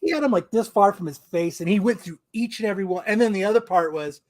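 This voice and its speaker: A man co-hosting a podcast, telling a story in a casual, animated way, swearing and acting out both sides of the conversation. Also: high voice, quick pace. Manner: animated, profane, acts out quoted exchanges. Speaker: podcast co-host.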